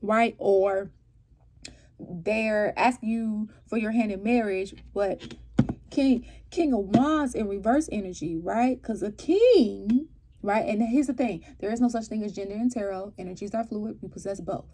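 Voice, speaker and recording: A woman giving a casual tarot reading to her viewers. She asks animated rhetorical questions and keeps checking in with "right?" and "okay?". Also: medium pitch, measured pace. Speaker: tarot reader.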